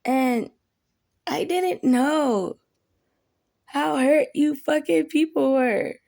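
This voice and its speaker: A woman's voice: high voice, extremely slow, gravelly, a little mellow, dry recording, studio quality. A woman giving a candid, reflective monologue to camera, blunt and full of profanity. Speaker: vlogger.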